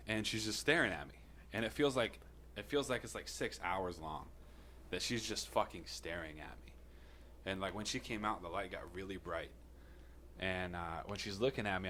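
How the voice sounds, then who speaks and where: A man with a very deep voice tells a story on a podcast in a loose, meandering way, swearing freely and laughing between lines. Faint room noise sits behind him. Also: fairly bright tone. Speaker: podcast co-host telling a personal story. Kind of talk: casual storytelling.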